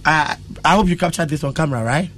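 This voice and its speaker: Animated Ghanaian woman musician. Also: low voice, fast, background noise. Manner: animated, breaks into chanting and song. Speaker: musician guest. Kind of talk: casual interview chat mixing English and Twi.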